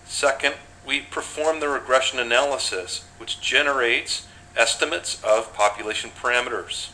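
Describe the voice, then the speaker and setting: A man giving a measured, step-by-step recorded lesson, pointing through charts as he explains. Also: mid-range voice, pushed and bright, slight background noise, low-quality recording. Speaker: instructor. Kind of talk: screen-recorded lecture.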